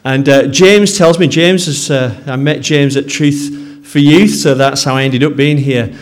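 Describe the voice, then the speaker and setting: A man's voice: mid-range voice, steady tone, measured pace. A man with a Yorkshire accent, a pastor speaking to a congregation in a sermon, friendly and self-deprecating with some hesitations.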